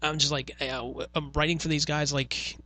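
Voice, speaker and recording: A man's voice: on the high side, level tone, fairly quick, sharp tone, no echo. A young man hosting a podcast, telling a rambling, profane work story in casual chat. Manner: profane, rambling, many fillers. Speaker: podcast host.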